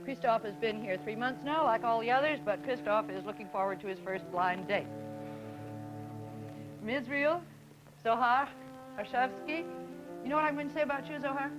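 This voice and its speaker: A woman's voice: fairly high pitch, moderate pace, pauses often, music in the background, poor audio. A woman moderating a 1950s broadcast student panel, friendly and laughing as she introduces guests and steers the talk.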